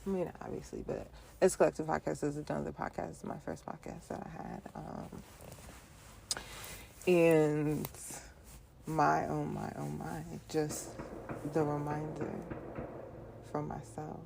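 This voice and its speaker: A woman's voice: low voice, little pitch movement, a little slow, creaky, pauses often, darkish tone, slight background noise. A woman hosting her own podcast in a playful, rhythmic solo monologue, with casual slang and frequent laughter. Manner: casual, conversational phrasing with slang. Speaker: podcast host.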